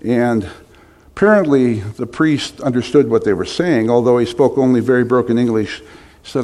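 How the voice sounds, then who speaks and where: A man's voice: medium pitch, normal speed, darkish tone. A middle-aged man preaching a sermon, telling stories with emphatic, rising stresses.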